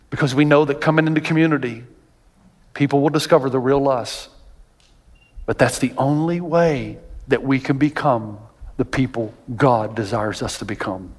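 A man preaching a sermon as a pastor, animated and jokey, telling stories and rising to near-shouts. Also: mid-range voice, big-room sound.

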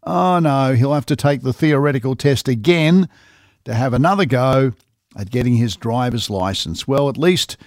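A man's voice: medium pitch, lively intonation, moderate pace, no echo, studio quality. A man hosting radio, telling a news story in a chatty, wry way. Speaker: radio host. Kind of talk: casual radio chat.

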